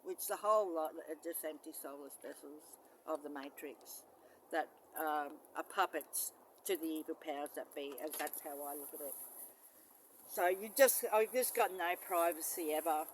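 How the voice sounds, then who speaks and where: A vlogger, filming outdoors beside a van on a handheld phone, rambling and swearing, swinging between loud outbursts and low muttering. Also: moderate pace, a little hiss or hum. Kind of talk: rambling handheld vlog monologue. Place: outdoors beside a parked van near mangroves.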